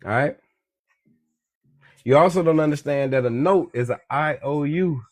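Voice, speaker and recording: Here the man speaks at a moderate pace in a slightly high voice, with no echo. He's a social media commentator giving a profane, preachy, casual talk on money, peppered with "beloved" and "you dig me."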